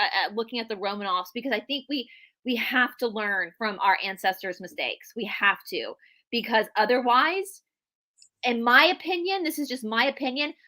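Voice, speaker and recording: A woman's voice: a little high, bright, forceful tone. A woman with a Southern US accent, a guest historian giving her opinions in a chatty, casual livestream conversation. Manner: opinionated, chatty, restarts often.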